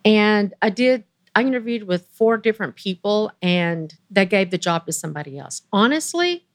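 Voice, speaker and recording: A woman in her sixties with a Southern US accent tells her story in a chatty, animated way, her voice jumping high when she gets excited. Her voice sits at an ordinary pitch and sounds close and dry. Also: normal speed, dry recording. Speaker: interview guest. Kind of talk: personal storytelling.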